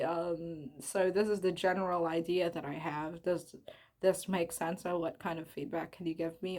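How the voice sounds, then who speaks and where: A woman's voice: fairly low pitch, level tone, normal speed, a little mellow. A young woman from the Philippines chatting casually to her viewers while she crafts, giggly and self-conscious, rambling as she goes. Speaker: vlogger.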